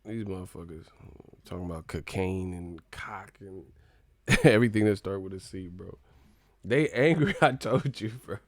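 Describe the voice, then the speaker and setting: A man's voice: sits low, normal speed, no room sound. A young man hosting a live stream, casually swearing and mocking his chat in slangy talk.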